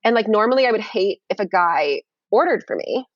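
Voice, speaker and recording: A young woman telling a dating story in casual conversation on a video call, animated and full of fillers. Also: medium pitch, a little fast, no echo, muffled recording. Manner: animated, many fillers and restarts. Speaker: guest.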